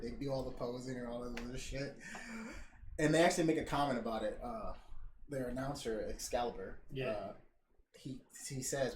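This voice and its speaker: A man on a casual podcast, retelling wrestling stories with loud swearing and laughter. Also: mid-range voice, moderate pace. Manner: animated storytelling with swearing and laughter. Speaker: podcast host. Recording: roomy, distant, noisy home recording.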